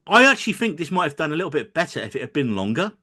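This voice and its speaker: A man co-hosting a podcast chats casually and jokily about films, tripping over names as he goes. His voice is fairly high, bright, and forceful, and he talks very fast with a very animated delivery.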